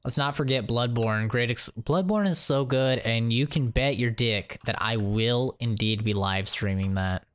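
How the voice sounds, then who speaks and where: A man's voice: medium pitch, measured pace, few pauses, clear, resonant tone. A man chatting casually on a live stream, ranting animatedly with lots of swearing and laughter. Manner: animated, profane, laughing rants.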